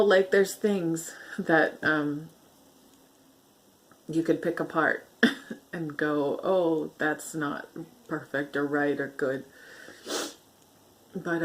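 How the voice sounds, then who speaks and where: A woman talking earnestly to her camera in a personal vlog, halting and soft, getting emotional and laughing gently through it. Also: lowish voice. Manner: soft, halting delivery with fillers and repeats. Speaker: vlogger sharing her healing story. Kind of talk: heartfelt personal vlog talk.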